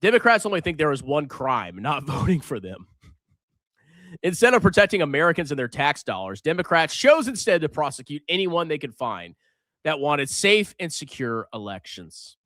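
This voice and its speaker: A man's voice: fairly high pitch, big pitch swings, moderate pace, fairly bright tone, no echo. A man hosting a livestream, ranting in a sarcastic, combative, mocking way. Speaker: livestream host.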